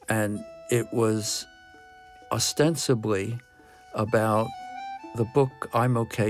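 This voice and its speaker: Older male guest, gravelly, animated storyteller, faint music underneath. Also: on the low side. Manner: animated anecdotes, acts out shouted quotes. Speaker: interview guest, photographer. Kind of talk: storytelling in an interview.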